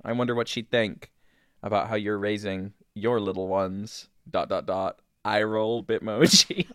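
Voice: sits low, steady tone, unhurried, a bit bright, clear, resonant tone, no echo. A performer voicing a spiteful, passive-aggressive older aunt who talks in a sugary drawl with giggles, in comedy improv. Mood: snide sweet. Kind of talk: comedy improv of social media comments.

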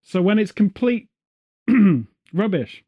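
A man in casual chat as a podcast co-host, ranting sarcastically and telling animated stories. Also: sits high, takes it slowly, husky, highs cut off.

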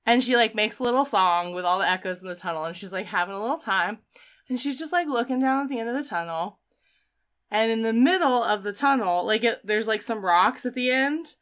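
A woman co-hosting a casual chat, retelling a film scene by scene in an animated way, with frequent laughs. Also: a little high, a little fast. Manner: animated storyteller, acts out the quotes, laughs often. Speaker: podcast co-host. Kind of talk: casual movie recap chat.

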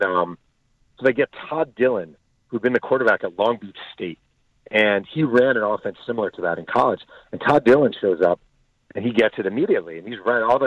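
A male author, interviewed by phone, tells his stories with quick energy and slips into the voices of the people he quotes. His voice sits a little low. The line is thin and phone-like, with no room sound. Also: no echo. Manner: animated storyteller acting out quotes. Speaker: author and guest. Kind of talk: storytelling interview answers. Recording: tinny phone-line audio, dry.

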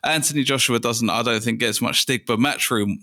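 A man, a guest on a podcast, talking in a relaxed, chatty way with frequent restarts. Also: mid-range voice, fairly quick. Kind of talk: casual interview chat.

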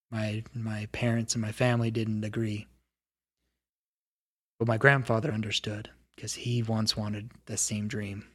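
Give me a man playing a sorrowful dwarf who gave up being a bard, quiet and slow. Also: on the low side, breathy edge.

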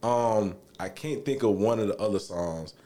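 A young man, telling a story in a casual podcast chat, animated and swearing freely. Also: moderate pace. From Alabama, US. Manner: animated, swearing, acts out quotes in high voices. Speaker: podcast co-host.

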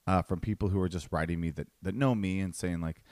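Man podcast co-host, teasing sidekick, low voice, dry studio sound. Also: steady tone, fast, darkish tone, dry recording. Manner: teasing, interrupting, wry. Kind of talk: casual chat.

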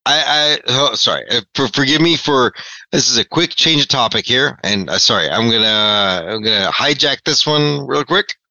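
A man chatting as a podcast guest, excitable, jumpy and self-mocking. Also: medium pitch, moderate pace, no room sound. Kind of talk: casual chat. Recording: dull lo-fi audio.

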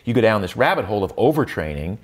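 In a conversational interview, an older man talks quickly and with great animation in a fairly low voice. His reflections are full of false starts and fillers, and his voice climbs when he drives a point home.

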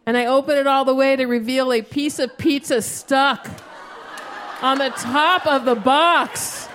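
Brief: woman stand-up comic, 30s, salty and animated, live club with faint crowd. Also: sits high, measured pace. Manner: profane, animated storytelling with acted outbursts. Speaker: stand-up comedian. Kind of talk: stand-up comedy set. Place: comedy club stage before a live audience. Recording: live show with audience noise.

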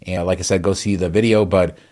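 A man's voice: sits low, steady tone, brisk, a little mellow. A man co-hosting a podcast, chatting in a casual, enthusiastic way. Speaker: podcast co-host.

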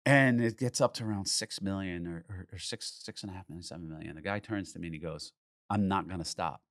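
A man's voice: low voice, quick pace, dry recording, clean studio sound. A man telling a story in casual conversation, swearing freely and acting out what people said. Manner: animated, swears freely, acts out quotes. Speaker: art collector telling a story.

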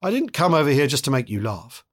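A man reading aloud voices a strange, ageless male holy fool who speaks in a mournful, sing-song and earnest manner, with a husky tone. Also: mid-range voice, very animated, fast talker.

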